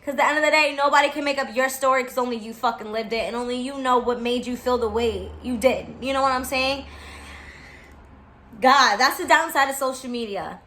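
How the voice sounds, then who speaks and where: A woman in her twenties talks straight to camera in a high, bright voice. She is blunt and swears freely, and she comes back again and again to emphatic reassurances. The sound is roomy, with a faint hiss underneath. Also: brisk. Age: 20s. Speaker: vlogger. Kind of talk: candid talk to camera.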